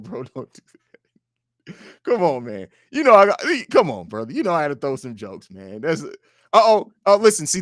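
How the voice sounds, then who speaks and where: A young man hosting a casual fan livestream from his home studio, reading out viewer comments and trash-talking with profanity, his delivery swinging between loud bursts and low mumbles. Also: no echo. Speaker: livestream host.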